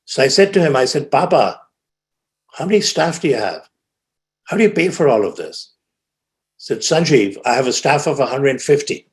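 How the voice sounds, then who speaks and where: A man's voice: medium pitch, expressive, normal speed, long pauses. Man telling a dramatic story on stage. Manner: dramatic storyteller, voices quoted people with rising emphasis. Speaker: symposium speaker. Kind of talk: storytelling keynote speech. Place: conference hall.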